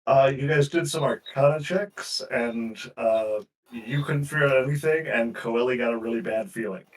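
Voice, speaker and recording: A man narrating a recap as game master of a tabletop game, hesitant with many pauses. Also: mid-range voice. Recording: distant mic.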